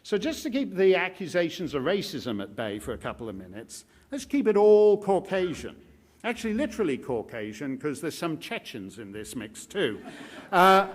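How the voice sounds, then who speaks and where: A man lecturing to a live audience, his voice sitting a bit high for a man and swinging widely in pitch. He delivers it with dry, sardonic wit. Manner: wry, sardonic humor. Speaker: public speaker. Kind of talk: public lecture. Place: live speaking event before an audience.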